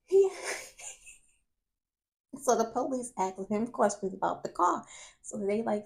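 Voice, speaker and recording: A man hosting a vlog, telling a college story in a casual, animated way, often laughing and acting out what others said. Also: high-pitched, unhurried, gravelly, long pauses. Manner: animated, acts out other people's lines in raised voices. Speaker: vlog host.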